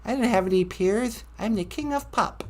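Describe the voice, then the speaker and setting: High breathy pop star guy calling from heaven, a man doing the bit, slow and giggly. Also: darkish tone. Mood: coy.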